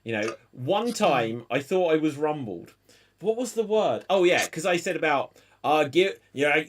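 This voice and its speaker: Chatty English man, animated, set back from the mic. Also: fairly high pitch, normal speed. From England. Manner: chatty storyteller who slips into character voices. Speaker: panel show host. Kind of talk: casual panel chat. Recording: distant from the mic.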